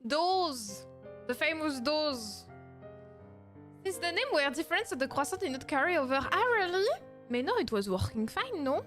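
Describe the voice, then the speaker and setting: A playful French woman streamer with a bright, high voice chats casually with her viewers. Her English carries a clear French accent and slips into French words. Faint music plays underneath. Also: animated, moderate pace. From France. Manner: playful, mixes in French words, laughs often. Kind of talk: casual live stream chat.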